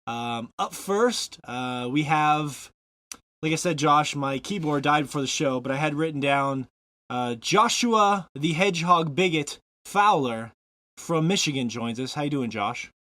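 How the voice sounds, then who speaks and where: A man's voice: on the high side, animated, measured pace, pushed and bright, no echo. A man from Montana hosting a casual podcast, rambling and joking, laughing often between fillers. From Montana, USA. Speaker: podcast host.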